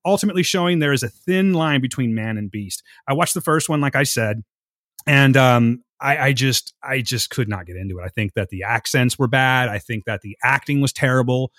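A man hosting a casual review chat at a medium pitch. He gives blunt, opinionated verdicts. His voice sounds close and dry, with no room echo. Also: a little fast, fairly bright tone. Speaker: podcast host.

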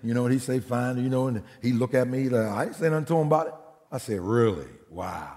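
A man preaching a sermon, telling a story with acted-out quotes and shouted punchlines. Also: mid-range voice, fairly even intonation, fast talker, in a large hall. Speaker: pastor.

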